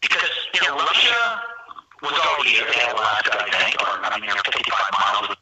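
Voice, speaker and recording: A man rambles through a casual call-in chat, drifting from one tangent to another. He sounds far from the mic on a muffled line. Loud hiss and noise sit under his voice. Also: lowish voice, quick pace. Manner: rambling, jumping between tangents. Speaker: call-in guest.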